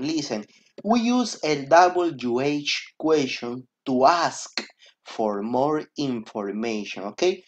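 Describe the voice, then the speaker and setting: A man's voice: medium pitch, lively intonation, slow, a little hiss or hum. A man who speaks Spanish natively teaches English grammar step by step. He repeats each point in Spanish and keeps checking with "ok?". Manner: explains step by step, asks "ok?" often. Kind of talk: online grammar lesson. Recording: dull, muffled recording.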